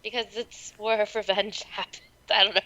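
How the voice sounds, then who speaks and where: A woman's voice: medium pitch, flat delivery, moderate pace, crowd noise, poor audio. A woman playing a tabletop role-playing game, chatting casually, giggly and scattered, fumbling for words. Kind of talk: casual improvised role-play.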